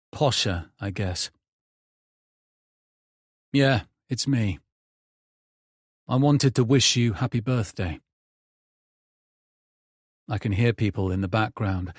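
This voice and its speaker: A man's voice: mid-range voice, no room sound. A man narrating a first-person thriller audiobook in a weary, bitter tone, recorded on a close studio mic.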